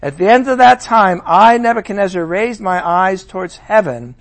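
A middle-aged man preaching a sermon in an animated way, acting out the voices of the figures he quotes. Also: high voice, normal speed.

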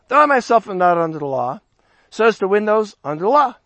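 A man's voice: high voice, big pitch swings, fast talker, pushed and bright, dry recording. A man preaching a sermon, chatting in a conversational way and lifting his voice for emphasis when he reads scripture. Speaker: pastor.

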